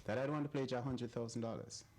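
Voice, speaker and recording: A man with a Jamaican accent, a donor and alumnus chatting casually, speaking haltingly and slipping into patois. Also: medium pitch, fairly even intonation, background noise. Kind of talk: casual chat.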